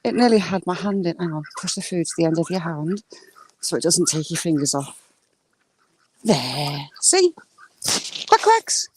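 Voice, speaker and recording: A woman chatting casually on a walk by the water, filming on a handheld phone and cooing at ducks in a high sing-song voice. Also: a little fast, a little mellow, husky. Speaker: vlogger. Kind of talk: casual walking vlog. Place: outdoors by water.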